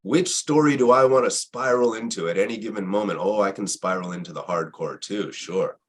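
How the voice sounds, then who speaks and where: Low, husky man in reflective talk; repeats himself, asks rhetorical questions. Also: fairly quick. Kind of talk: reflective spiritual conversation.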